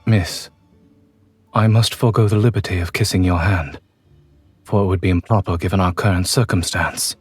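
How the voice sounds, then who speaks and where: A low, breathy young gentleman in a romance game, speaking with measured formal courtesy. He sounds reserved and proper, and faint music plays under him. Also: steady tone. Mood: courteous. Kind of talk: game voice acting.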